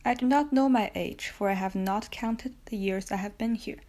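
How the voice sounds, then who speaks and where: A woman's voice: mid-range voice, normal speed, darkish tone, lightly acted. A woman reading the part of a young male prisoner, pleading fervently in an audiobook. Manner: fervent, imploring.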